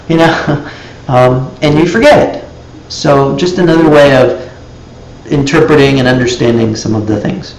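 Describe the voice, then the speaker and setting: A man's voice: fairly high pitch, normal speed, echoey room, low-quality recording. A man teaching a live class, telling stories and acting out little dialogues in raised voices.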